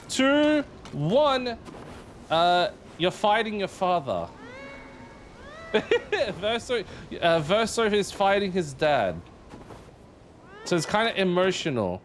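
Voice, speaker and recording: A man's voice: high voice, a little hiss or hum. A man streaming a game live, chatting casually and playfully with viewers and humming tunes between remarks. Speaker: livestreamer.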